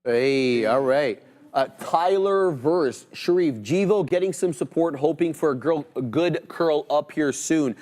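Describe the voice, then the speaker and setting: A man's voice: a little high, unhurried, darkish tone. Slangy man co-hosting a trading stream. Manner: slangy, says bro. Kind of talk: live market commentary.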